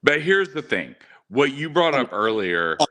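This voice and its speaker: A man's voice: mid-range voice, big pitch swings, measured pace, bright, forceful tone. A man joining a postgame stream as a guest, talking casually and hesitantly with lots of fillers. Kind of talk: casual chat.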